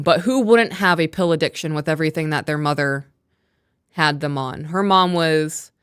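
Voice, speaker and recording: Woman host, low-ish smooth voice, dry close sound, casual case breakdown. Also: no room sound. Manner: reads quotes aloud, animated retelling. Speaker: podcast co-host. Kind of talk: casual true-crime breakdown.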